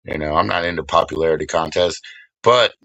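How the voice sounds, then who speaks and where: A man streaming live, rambling and swearing casually while he shouts out viewers by name. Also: rumbling low, fairly quick, lo-fi sound.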